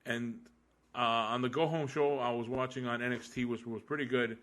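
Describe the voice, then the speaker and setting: A man's voice: mid-range voice, level tone, moderate pace, a bit bright. A man hosting a casual podcast chat, laid-back and rambling, with lots of fillers and restarts. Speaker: podcast host.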